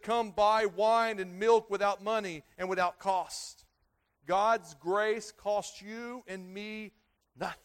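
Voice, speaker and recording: A man preaching a sermon, repeating himself and restarting phrases, swinging between loud stresses and quiet, low endings. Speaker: pastor.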